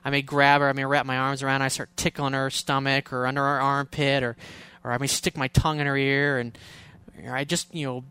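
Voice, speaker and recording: A man's voice: mid-range voice, level tone, fairly quick, bright, forceful tone, clean tone, no echo. A man coaching on relationships in an emphatic, repetitive way, acting out scenes. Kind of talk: advice monologue.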